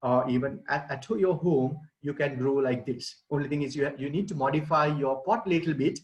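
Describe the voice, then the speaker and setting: A man speaks in a somewhat high voice. He explains gardening ideas in an online presentation, addressing children and their parents in a plain teaching manner. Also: normal speed, dull audio. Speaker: gardening expert.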